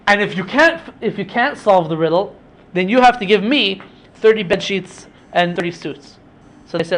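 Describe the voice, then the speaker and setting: A man's voice: high voice, expressive, moderate pace, fairly bright tone. A man teaching through a casual retelling of a story, in a chatty way with many asides. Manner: chatty, with frequent fillers and asides.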